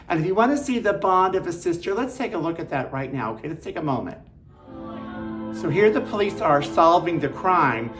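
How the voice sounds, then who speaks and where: Host: a woman with a slightly low voice, enthusiastic and chatty as she pitches films. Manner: enthusiastic, chatty, jokey asides. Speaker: film reviewer host. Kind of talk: casual film recommendations.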